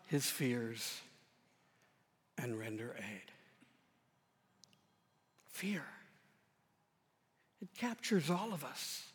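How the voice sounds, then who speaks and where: A man in his forties with a rather high voice delivers a sermon, telling a story from his own life. He is conversational and self-deprecating, rising loud and then dropping to a hush. His voice rings out with the long reverb of a church hall. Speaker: pastor. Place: church sanctuary.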